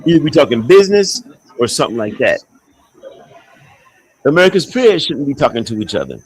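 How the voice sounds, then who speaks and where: Casting: blunt, foul-mouthed man, casual chat, lively pitch swings, lots of restarts. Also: fairly quick, slight background noise, low-quality recording. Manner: blunt, profane, rambling with many restarts. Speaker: expat talking on a livestream call. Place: abroad, with faint outdoor sounds behind.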